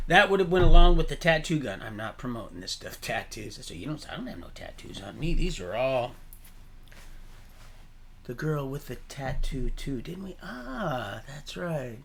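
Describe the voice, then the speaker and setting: A man hosting a livestream, rambling from topic to topic in an animated, preachy way and laughing at his own remarks. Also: on the high side, normal speed, creaky, a little hiss or hum. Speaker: livestream host.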